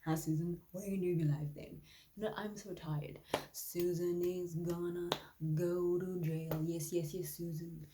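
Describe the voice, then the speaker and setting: Woman doing a loud, teasing male entertainer, low-pitched, sing-song mockery, improv comedy. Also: flat delivery, moderate pace, background noise, close to an everyday voice. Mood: mocking.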